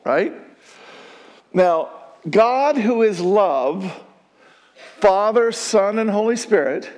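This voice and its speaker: Male pastor, high and gravelly, lively conversational sermon, long hall reverb. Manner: animated, conversational preaching with laughs and asides.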